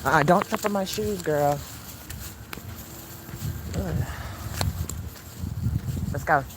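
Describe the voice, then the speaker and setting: Heavy street noise comes through the phone audio as a woman from Mississippi chats on a casual city-walk livestream, coaxing her dogs between comments to viewers. She speaks slowly in a fairly low voice.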